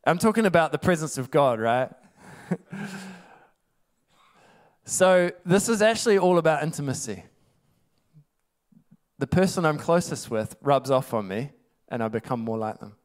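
Male preacher, casual sermon, frequent laughter, fairly high voice. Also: lively intonation, unhurried, long pauses. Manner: chatty, laughing often, rhetorical asides.

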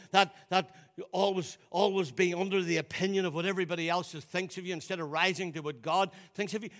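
A man's voice: high voice, fairly even intonation, fast talker, hardly any pauses, a bit bright. A man preaching a sermon in a church service, emphatic and given to repeating words as he presses his points. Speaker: pastor.

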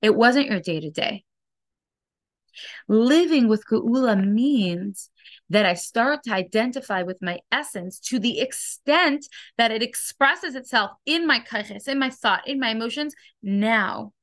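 An earnest woman teaching a religious lesson, her voice sitting a little high. She talks in quick, emphatic bursts full of rhetorical questions. The sound is close and dry, with no room around it. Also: animated, dry recording. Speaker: program host. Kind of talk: inspirational Torah lesson.

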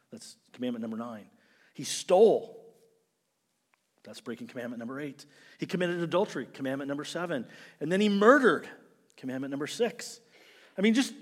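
A man preaching a sermon as pastor, swinging from loud emphasis to hushed asides and acting out imagined prayers. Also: mid-range voice, slightly rough. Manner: acts out imagined prayers and quotes in character.

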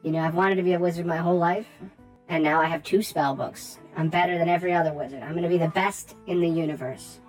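A woman's voice: lowish voice, fairly even intonation, quick pace, a little mellow, soft background music, close to an everyday voice, rough recording. A woman playing Flem, a crude goblin wizard. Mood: smug. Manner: crude, brash, dismissive.

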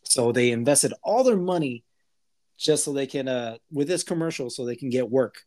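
A man co-hosting a podcast, talking excitedly and casually about a film. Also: mid-range voice, normal speed. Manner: enthusiastic, excitable, says dude. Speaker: podcast co-host. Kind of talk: casual chat, movie review.

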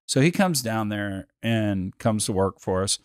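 A man co-hosting a podcast, telling a workplace story in casual chat, with lively acted quotes. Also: lowish voice, measured pace, clear, resonant tone, no echo, studio quality. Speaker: podcast co-host.

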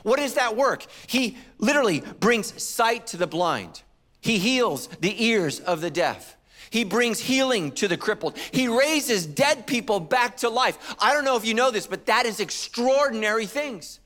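Man, middle-aged, pastor, sermon, high-pitched, humorous storytelling. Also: a little slow. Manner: animated storytelling with acted quotes and humor.

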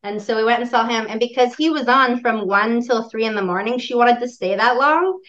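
A woman's voice: a little high, brisk, fairly bright tone, dull audio. A woman from Canada in her forties, chatting as an interview guest and laughing often. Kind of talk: casual interview chat.

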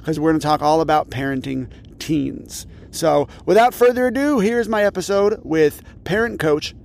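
A man who coaches teens, telling stories in an animated, energetic way in a casual podcast interview. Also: a little high, moderate pace, creaky. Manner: animated, energetic storyteller who acts out scenes. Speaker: teen life coach.

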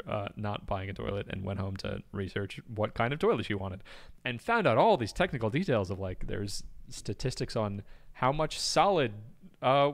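A man's voice: medium pitch, vocal fry, no echo. A man hosting a podcast in casual chat, retelling a story with frequent laughs and fillers. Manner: chatty, laughs often, many fillers. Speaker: podcast host.

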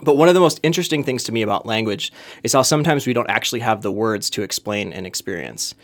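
A man from Minnesota co-hosting a podcast, explaining ideas in a relaxed, conversational way with frequent fillers. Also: on the low side, fast talker. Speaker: podcast co-host. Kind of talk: casual chat.

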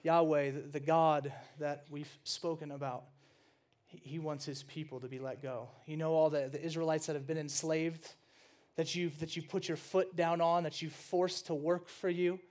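A man putting on Moses, a weary older man retelling his life in a subdued, matter-of-fact way. The voice sits fairly high but is pulled down and softened, with an understated, resigned delivery. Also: flat delivery, moderate pace, close to an everyday voice.

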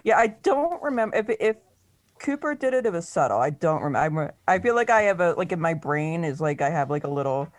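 Woman, co-host, lowish voice, animated storytelling, casual chat. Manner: animated storytelling, quick laughter.

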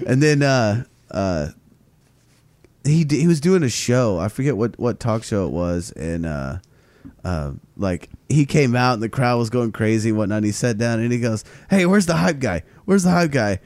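A man co-hosting a podcast, telling long stories in casual chat and acting out the quotes with loud swearing. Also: on the low side, expressive, normal speed, dry recording. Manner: rambling storyteller who acts out quotes with loud swearing. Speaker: podcast co-host.

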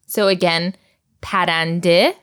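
Patient woman teaching vocabulary, low voice. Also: steady tone, moderate pace, fairly bright tone, clear, resonant tone. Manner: patient, drills words, laughs often. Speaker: language teacher. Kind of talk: recorded language lesson.

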